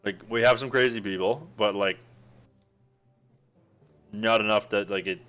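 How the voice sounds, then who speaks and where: A man's voice: lowish voice, fairly even intonation, a little slow, a bit bright, faint music behind. A man with a Western Canadian accent chatting casually to stream viewers, rambling with lots of fillers and frequent chuckles. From Alberta, Canada.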